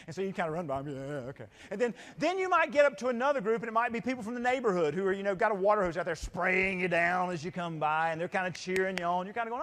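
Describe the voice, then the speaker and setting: A middle-aged man giving a motivational keynote, telling a story with lively acted-out quotes. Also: high voice, fast, hardly any pauses. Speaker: keynote speaker. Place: large convention hall. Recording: long hall reverb.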